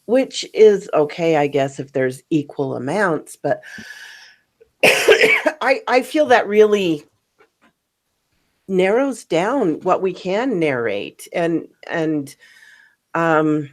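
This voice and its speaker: A woman's voice: on the low side, animated, takes it slowly, pauses often. A woman who narrates stories, chatting casually as host of a stream, rambling and laughing often. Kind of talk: casual chat.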